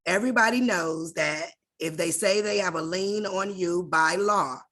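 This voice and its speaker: A woman with a fairly low voice runs an online class over a video call. She explains things in a casual, direct and conversational way and talks to her listeners as y'all. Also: a little slow, a bit bright. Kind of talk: casual instructional talk.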